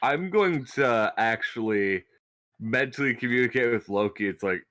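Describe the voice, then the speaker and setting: A man's voice: medium pitch, expressive, moderate pace, a bit bright. A man playing a tabletop game, chatting casually with a skeptical, wry manner. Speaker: player. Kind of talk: casual chat.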